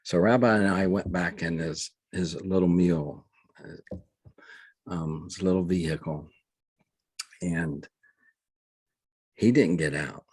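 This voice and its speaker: An older man, telling a long personal story as an interview guest in an earnest, halting way with many restarts. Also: deep voice, fairly even intonation, darkish tone, husky, dry recording. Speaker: guest, reverend. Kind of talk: conversational storytelling.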